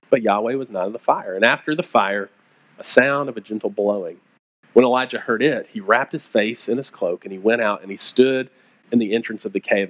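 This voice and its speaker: A male pastor delivers a conversational sermon, retelling stories and performing the voices of the people he quotes. His pitch is medium, and the recording sounds muffled.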